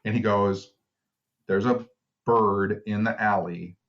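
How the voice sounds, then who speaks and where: Guy podcast co-host, lowish voice, easygoing storyteller, kinda muffled lo-fi audio. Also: fairly even intonation, takes it slowly. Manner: laid-back storyteller, laughs at himself. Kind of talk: casual chat.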